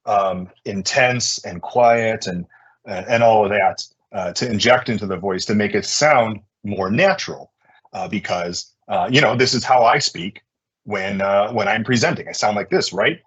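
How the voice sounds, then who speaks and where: Male presenter, husky and a bit low, dull lo-fi sound, lively filler-heavy talk. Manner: energetic, chatty, many fillers. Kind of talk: conference presentation.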